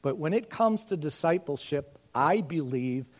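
Male pastor, sermon delivery, fairly high voice, reads verses then presses the point with questions. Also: expressive, measured pace, hardly any pauses. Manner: reads scripture aloud and explains it verse by verse; rising to fervent emphasis with rhetorical questions.

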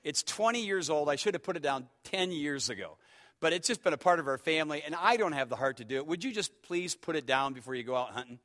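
A man voicing a soft-spoken older man who quietly pleads for a favor during a sermon story. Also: on the high side, animated, fast, pitched below the performer's own voice. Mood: pleading.

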